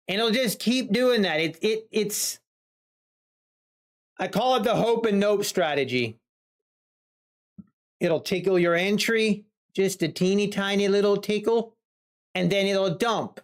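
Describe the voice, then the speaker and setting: A day trader talking to a live-stream chat, muttering exasperated complaints and playful teasing. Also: mid-range voice.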